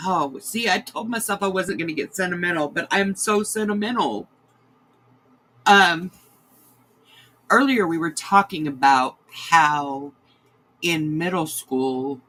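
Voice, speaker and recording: A woman, a crochet host chatting to her livestream viewers in a sentimental, halting way. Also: sits low, a bit bright, rough recording. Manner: sentimental, halting, many restarts. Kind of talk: casual livestream chat to viewers.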